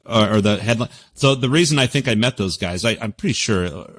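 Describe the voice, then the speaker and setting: A man in casual podcast chat, rambling and profane, with sudden loud bursts of emphasis. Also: fairly low pitch, animated, a little fast, no room sound.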